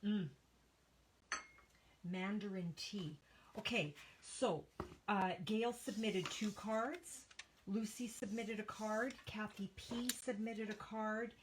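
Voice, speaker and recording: Slow-talking chatty craft host. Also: female voice, mid-range voice, noisy background. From Canada. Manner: chatty, reads out viewer names, coughs and apologizes. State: coughing, tickle in throat. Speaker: papercraft livestream host. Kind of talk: casual live-stream chat with viewers. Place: home craft studio.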